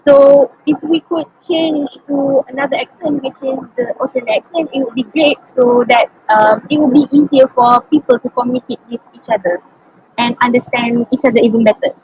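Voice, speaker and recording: A woman's voice: high voice, moderate pace, lo-fi sound, a little hiss or hum. A young woman with a Malaysian English accent, a native Malay speaker, earnestly answering interview questions and thinking aloud with many ums. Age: young adult.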